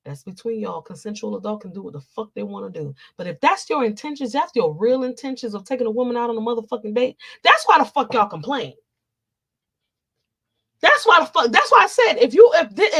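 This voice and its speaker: A woman with a fairly high voice and a breathy edge speaks in casual commentary as a vlogger. She rants loudly and with exasperation, cursing as she goes.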